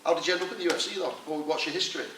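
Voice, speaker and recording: A man's voice: fairly high pitch, racing, fairly bright tone. A man interviewing a guest, asking questions hesitantly with frequent ums. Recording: echoey room, distant mic, faint noise.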